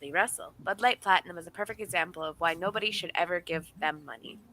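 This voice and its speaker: A woman's voice: fairly low pitch, fast, sharp tone, poor audio. A woman co-hosting a casual beer chat, reading viewer comments aloud and laughing often. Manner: giggly, reads comments aloud.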